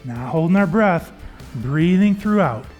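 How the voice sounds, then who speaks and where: A man's voice: a little high, animated, measured pace, darkish tone, lo-fi sound, faint music behind. Man coaching a workout with encouraging cues. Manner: encouraging, calls out cues and counts. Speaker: fitness coach.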